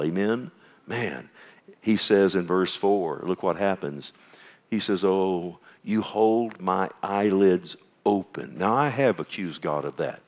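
A man preaching a sermon, swinging between loud emphatic scripture reading and soft hushed asides. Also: on the low side.

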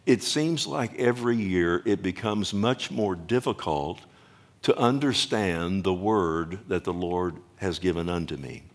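A middle-aged man preaching a sermon as a pastor, talking loosely with restarts, often checking with the congregation, and building up louder and higher as he goes. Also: a little slow. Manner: rambling, repeats himself, asks the congregation "amen?".

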